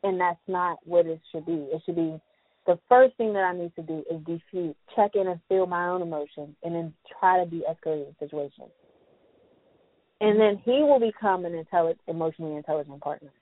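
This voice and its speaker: A woman's voice: lowish voice, brisk, no echo. A woman guest in a casual chat about parenting, talking with energy and acting out quoted voices in slang. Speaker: podcast guest. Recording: tinny phone-like sound, dry.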